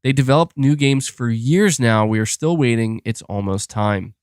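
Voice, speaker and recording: A young man hosting a casual gaming podcast, rambling excitably with restarts and laughs as he reads viewer messages. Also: medium pitch, normal speed, clear, resonant tone, dry recording, clean studio sound. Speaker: podcast host reading super chats. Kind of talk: casual live-stream chat.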